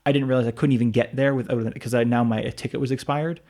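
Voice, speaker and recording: A man's voice: mid-range voice, steady tone, quick pace, dark tone. A man co-hosting a casual podcast chat, telling a long rambling story full of restarts and asides. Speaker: podcast co-host.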